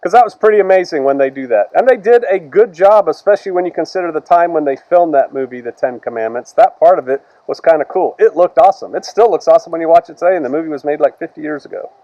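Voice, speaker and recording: A man preaching a sermon as pastor, reading scripture slowly and loudly, then retelling it in casual words. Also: a little high, no echo, highs cut off.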